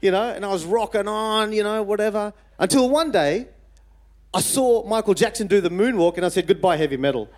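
A middle-aged Fijian Indian preacher with a slight Australian twang shares a personal testimony during a sermon. His high voice moves at normal speed as he tells the story in a lively, chatty way, repeating phrases for emphasis and dropping in frequent "you know" asides.

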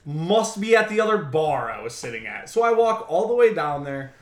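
Guy griping through a funny story, kinda high voice, room echo. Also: sing-song, moderate pace, crowd noise. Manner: swearing, exasperated storytelling. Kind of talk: casual chat.

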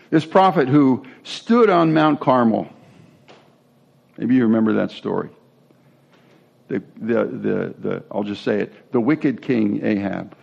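A man's voice: medium pitch, gravelly, darkish tone, muffled recording. A man giving a sermon as a pastor, talking in a conversational way with asides and restarts.

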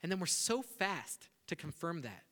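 Pastor, male, high bright voice, animated sermon delivery, reverberant church hall. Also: normal speed. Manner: animated preaching, acts out prayers to God.

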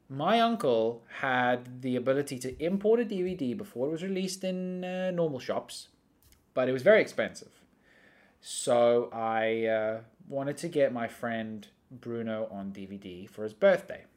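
Young man chatting in animated, rambling bursts. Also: medium pitch. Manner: rambling, animated storytelling that often breaks into laughter. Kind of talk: casual chat.

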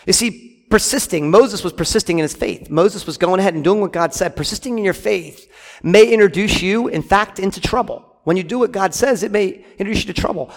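Pastor, male, high voice, emphatic sermon delivery with chatty asides, long church reverb. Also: expressive, normal speed. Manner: emphatic, conversational asides to the congregation. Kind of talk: sermon with scripture reading. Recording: reverberant hall.

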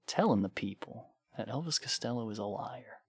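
A man's voice: medium pitch, lively intonation, normal speed, gravelly, breathy edge, dry recording. A man co-hosting a casual album discussion podcast, laughing often and swearing casually. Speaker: podcast co-host.

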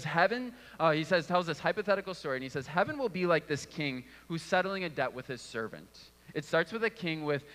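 A man's voice: fairly high pitch, a bit bright, big-room sound. A man giving a conversational sermon and sometimes restarting his words. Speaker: preacher.

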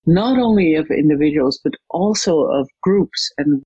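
A coach and trainer, a guest in an interview, who tells a client story with lively retelling and acts out the quoted dialogue. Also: mid-range voice, moderate pace, breathy edge, no echo, lo-fi sound.

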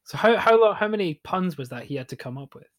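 A man's voice: high-pitched, animated, fast. A man in casual chat who asks teasing questions.

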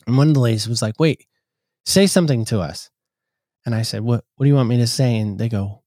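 A man with an everyday, mid-range voice tells a story to his interviewer in an earnest, warm way. He slips into little voices for the people he quotes. The sound is dry and close, with no room echo. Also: mid-range voice, fairly quick. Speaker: podcast host, guest. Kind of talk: conversational storytelling.

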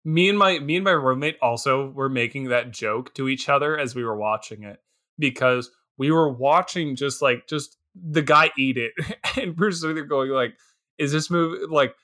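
Bright-voiced laughing man podcaster. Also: mid-range voice, normal speed. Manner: animated, laughs often, lots of filler words. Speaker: podcast co-host. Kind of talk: casual movie review chat.

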